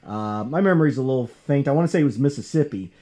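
A man hosting a casual talk show, discussing comics and history in an animated, conversational way. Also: fast. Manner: animated, conversational, jumps in pitch for emphasis. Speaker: podcast host.

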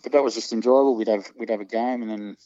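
A man with a low voice telling old stories in a relaxed, halting way, filling gaps with ums and restarting his sentences. The sound is dry and close but dull and muffled, as if recorded at reduced quality. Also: no room sound. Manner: hesitant, many ums and restarts. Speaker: interviewee, former soccer player. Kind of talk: casual reminiscing.

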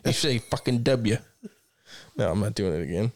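A man's voice: lowish voice, animated, fast talker. A man co-hosting a podcast in casual chat, brash, profane and teasing. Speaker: podcast co-host.

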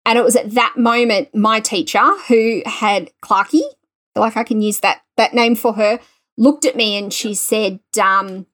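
A woman, a guest telling her story with lively, self-deprecating humor. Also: mid-range voice, normal speed. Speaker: guest teacher educator. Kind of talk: conversational storytelling.

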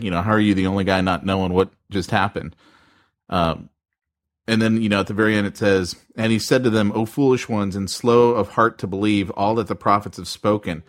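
A man co-hosting a church planting podcast, talking casually and rambling with lots of fillers. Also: on the low side. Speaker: podcast co-host.

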